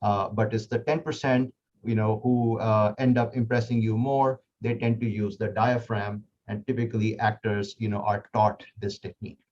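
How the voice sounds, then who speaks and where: A man's voice: fairly low pitch, flat delivery, moderate pace, a little mellow, muffled recording. A man giving an interview-skills workshop over a video call, speaking conversationally with frequent "you know" fillers and restarts. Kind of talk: online workshop talk.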